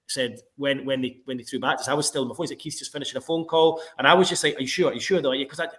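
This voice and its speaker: A man's voice: medium pitch, steady tone, rapid-fire, a bit bright. A male football reporter telling a long story in a casual interview and quoting himself as he goes.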